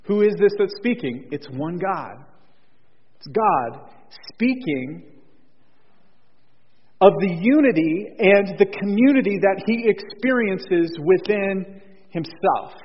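Male pastor, husky, muffled lo-fi church recording, repeats for emphasis. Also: high voice, expressive, unhurried. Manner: earnest, repeats key phrases, frequent restarts. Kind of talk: sermon. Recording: husky voice in a long church reverb, dull lo-fi sound.

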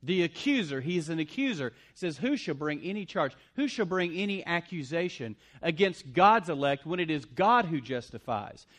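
A man preaching a sermon as pastor, swinging between loud punchy lines and quiet asides. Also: a little high, animated, normal speed, few pauses.

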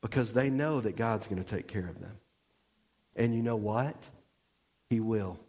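A man preaching a sermon as pastor, telling stories with lively acted-out outbursts, miked on stage in a church. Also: lowish voice, unhurried. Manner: animated storytelling with acted-out shouts. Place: church sanctuary. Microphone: wearing a microphone pack. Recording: long reverb of a large hall.

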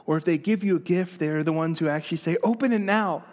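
High-voiced man preaching a lively sermon. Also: quick pace. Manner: animated preaching with rhetorical questions and humor. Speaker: pastor.

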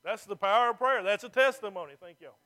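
A man's voice: sits high, lively intonation, fast talker, bright, forceful tone. A male pastor, preaching a folksy, fervent sermon to a church.

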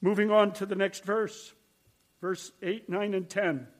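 A man's voice: high voice, flat delivery, unhurried. An older man preaching a sermon, telling stories in an earnest, conversational way. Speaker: pastor.

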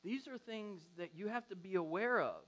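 A middle-aged preacher delivers a sermon in a high-pitched voice. He tells stories with lots of animation and acts out the lines of the people in them. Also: normal speed. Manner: animated storytelling, acts out quotes. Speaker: pastor.

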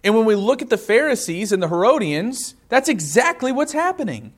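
A man's voice: high voice, sing-song, fairly quick. A man preaching a sermon, reading scripture aloud and explaining it with rhetorical questions.

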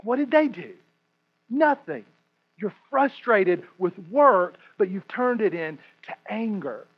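A man in his thirties, a pastor, preaching a sermon to a congregation, swinging between hushed and loud delivery. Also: sits high, sing-song, takes it slowly. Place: room with a congregation. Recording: muffled lo-fi recording.

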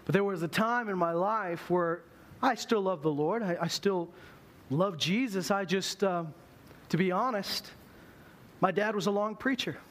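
A man's voice: sits high, measured pace, fairly bright tone. A man preaching a sermon in a church, telling stories with humor and acting out voices. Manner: humorous storytelling, acts out voices. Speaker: pastor.

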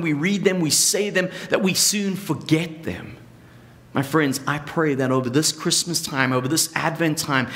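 A middle-aged male pastor preaching in an earnest, conversational way. His voice sits a little high for a man, and he stretches out the important words with long pauses. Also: fairly bright tone. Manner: earnest, pausing for emphasis, slowing on key phrases. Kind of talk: sermon.

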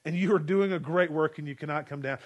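A man's voice: a little high, fast talker. A man in his forties preaching a sermon as pastor, earnest and exhorting, leading the congregation to repeat lines after him. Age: 40s.

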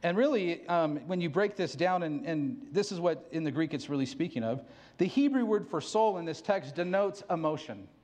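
A man's voice: on the high side, expressive, normal speed, darkish tone. A middle-aged man preaching a sermon, candid and self-mocking, laughing often. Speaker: pastor.

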